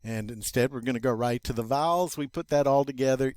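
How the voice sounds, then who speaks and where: An older man, teaching French vocabulary in a slow, patient, folksy way, drawing out each word. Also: medium pitch, darkish tone, no room sound. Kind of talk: recorded vocabulary lesson.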